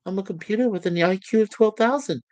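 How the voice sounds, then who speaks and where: A woman's voice: medium pitch, fast talker, darkish tone, dry recording, natural voice. A woman voicing a proud female ship computer who has turned genius, speaking in a boastful, testy way.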